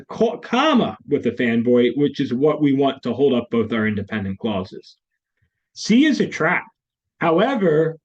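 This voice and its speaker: A male tutor at an ordinary pitch explains grammar questions one by one. He repeats his key terms and sometimes restarts a phrase. The audio sounds a little dull and lo-fi. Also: breathy edge. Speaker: test prep teacher. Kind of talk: screen-recorded lesson walkthrough.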